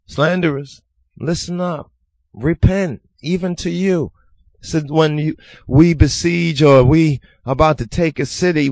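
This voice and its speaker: A man teaching a psalm line by line, speaking deliberately, repeating words as he searches, and mixing Amharic and Hebrew terms into English. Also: fairly high pitch, a little mellow, no room sound. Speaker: Bible teacher. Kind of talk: scripture study teaching.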